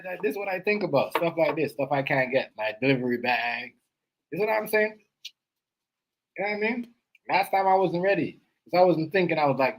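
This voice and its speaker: A man hosting a live stream, rambling through casual reaction commentary and swinging between loud outbursts and quiet asides. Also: a little high, expressive, a little fast, low-quality recording. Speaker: stream host. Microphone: live stream setup.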